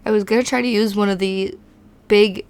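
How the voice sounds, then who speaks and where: A hoarse woman, recovering from being sick, hosting a video with a chatty, rambling voice-over recorded on a home mic. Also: medium pitch, steady tone, a little fast, darkish tone. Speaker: host. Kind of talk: casual voice-over narration.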